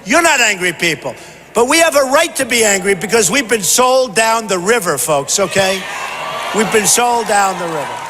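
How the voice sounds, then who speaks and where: A man giving a campaign rally speech in a large convention hall, punchy and repetitive, often shouting. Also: high voice, animated, moderate pace. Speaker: presidential candidate. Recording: long hall reverb, faint noise.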